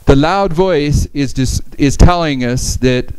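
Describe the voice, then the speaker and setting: A man's voice: fairly high pitch, takes it slowly, darkish tone, clean tone, dry recording, rough recording. A man giving a Bible study lecture, reading verses aloud and explaining them with frequent restarts.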